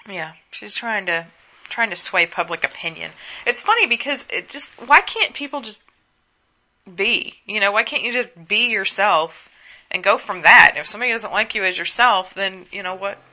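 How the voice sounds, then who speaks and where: A woman's voice: medium pitch, animated, normal speed, sharp tone. A sleepy young woman chatting casually at home as a solo podcast host, gossiping and rambling with asides. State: sleepy, yawning.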